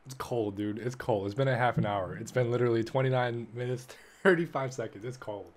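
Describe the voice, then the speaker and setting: Young man, solo podcast host, excitable rant, lots of swearing, loud bursts then low mumbles. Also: brisk.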